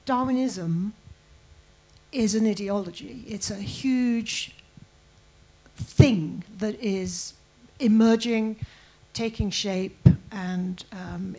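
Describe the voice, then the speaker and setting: A woman historian answers questions in a public conversation. She sounds thoughtful and slightly hesitant, and her voice is mellow and dark. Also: mid-range voice, gravelly, slightly rough, rough recording. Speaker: guest historian. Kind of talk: conversational lecture talk.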